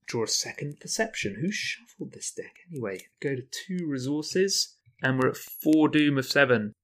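Male player, solo card game commentary, mid pitch, reasons through each move aloud. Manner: talks through choices, weighing options aloud. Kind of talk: thinking-aloud gameplay commentary.

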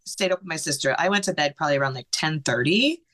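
Low-pitched woman with a bright, forceful voice. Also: lively intonation. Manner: emotional, fast-flowing retelling with many fillers. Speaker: podcast guest. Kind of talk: personal storytelling in conversation.

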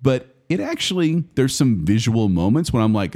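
A man co-hosting a casual podcast, opinionated and animated as he talks about films he dislikes. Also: medium pitch, moderate pace. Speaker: podcast co-host. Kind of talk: casual chat. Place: studio with headphones.

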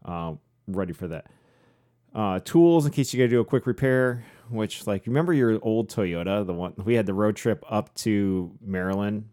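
Low-pitched and dark in tone, a man speaks at a moderate pace while co-hosting a podcast. It's a rambling, casual chat full of laughter.

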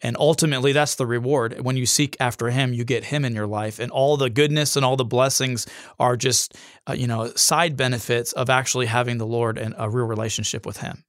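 A man shares his personal testimony as an interview guest, speaking reflectively and sincerely. His voice sits at an ordinary pitch. It is recorded close and dry, with no room sound. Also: fairly even intonation, fairly quick, no room sound. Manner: reflective and sincere, with small restarts.

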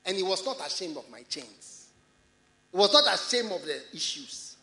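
A man with a Ghanaian English accent preaching in a large church hall. His voice sits very high and sounds bright and forceful. He swings his pitch widely, teasing and laughing as he drives his points home. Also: normal speed. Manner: animated, laughing, mimicking excuses in a high voice. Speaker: pastor. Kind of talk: sermon.

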